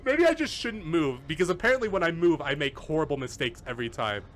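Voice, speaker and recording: Male streamer, live gameplay commentary, panicky swearing and laughing, highish voice with big swings. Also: sing-song, quick pace, a bit bright. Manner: swears often, bursts into panicked yelps and laughter. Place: at a computer, keyboard and mouse.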